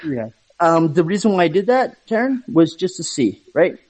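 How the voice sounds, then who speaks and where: A man's voice: on the high side, very animated, normal speed, a little mellow, rough recording. A man hosting a casual chat, lecturing his guest and repeating himself, talking over others.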